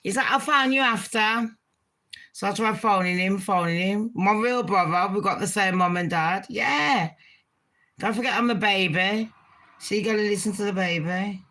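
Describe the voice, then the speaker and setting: A woman's voice: mid-range voice, normal speed, fairly bright tone. A woman chatting casually as a gossip vlogger, blunt and crude, swearing freely and tossing asides to her viewers.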